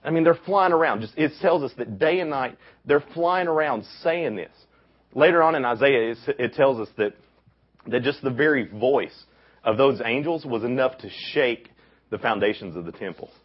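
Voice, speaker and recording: A young man with a deep, husky voice preaches to a youth camp, storytelling with animated energy and acting out the quotes. The sound is dull and lo-fi. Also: moderate pace. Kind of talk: casual youth sermon. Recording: dull lo-fi recording.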